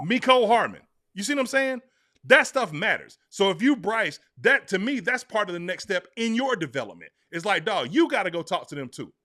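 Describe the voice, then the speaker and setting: A man's voice: high voice, a little fast. A man with a Southern US accent hosting a casual sports talk show, telling stories emphatically. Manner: emphatic, animated storytelling.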